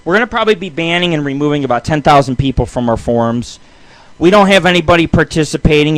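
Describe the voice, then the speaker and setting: A middle-aged man hosting a radio show, rambling and swearing constantly in a loud, blunt monologue. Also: a little high. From southern Nevada. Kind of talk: casual profane monologue.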